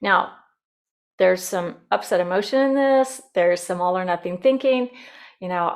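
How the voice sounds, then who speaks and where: A woman's voice: mid-range voice, measured pace, lo-fi sound. A woman presenting a workshop in a casual, demonstrative way, acting out sample phrases as she teaches. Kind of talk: instructional workshop talk.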